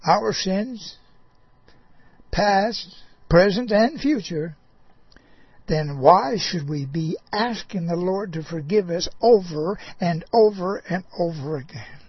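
Male preacher, folksy sermon voice, slow drawl with chuckles, husky, dry close sound. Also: sits high, expressive, dry recording, highs cut off. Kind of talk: folksy sermon addressed to an apostle.

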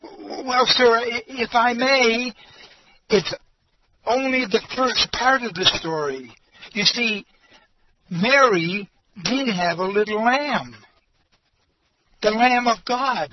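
A man's voice: sits high, animated, slow, pauses often, dull audio, a little hiss or hum. A man voicing a nervous, flustered woman who teaches Sunday school, stammering and pleading in a raised voice. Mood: earnest pleading.

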